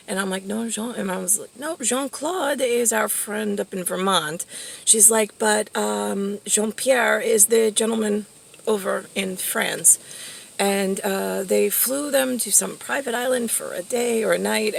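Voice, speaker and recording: A woman's voice: mid-range voice, normal speed, vocal fry, a little hiss or hum, low-quality recording. A woman telling a rambling family story in casual monologue, quoting relatives and dropping into whispered asides. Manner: meandering, quotes family in shifting tones, whispers asides. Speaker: storyteller recounting family conversation. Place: inside a house.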